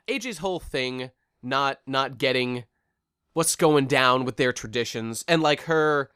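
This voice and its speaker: A man's voice: medium pitch, slow pace, pushed and bright, clear, resonant tone, dry recording, clean studio sound. A man co-hosting a podcast in casual chat about a cartoon episode, wry and hesitant with many restarts. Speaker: podcast co-host.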